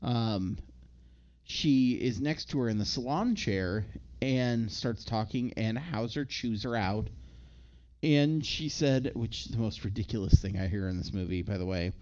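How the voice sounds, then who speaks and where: A man's voice: medium pitch, a little mellow. Guy recapping a movie casually, lots of ums and restarts, muffled lo-fi audio. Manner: rambling, halting with many fillers and restarts. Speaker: podcast co-host recapping a film. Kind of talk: casual chat. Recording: dull lo-fi audio.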